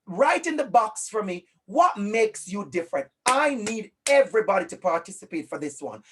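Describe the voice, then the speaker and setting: A man with a Jamaican accent leads an interactive workshop over a video call. His voice sits fairly high for a man, and he talks with lots of energy and encouragement. He often repeats phrases to stress a point. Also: sing-song, normal speed, fairly bright tone, breathy edge. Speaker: workshop presenter. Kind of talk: interactive online workshop talk.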